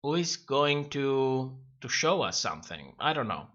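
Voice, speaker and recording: A man's voice: medium pitch, very animated, measured pace, a bit bright. Chatty man hosting a livestream, lo-fi sound. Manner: chatty, rambling, laughs often, many restarts. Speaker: livestream host. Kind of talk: casual livestream chat reading comments.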